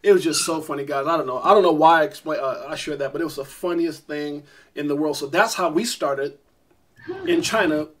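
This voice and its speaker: A middle-aged man hosting a vlog, telling a long story in an animated, rambling way with lots of fillers and restarts. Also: a little high, fairly quick. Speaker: vlog host. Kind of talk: casual storytelling to camera.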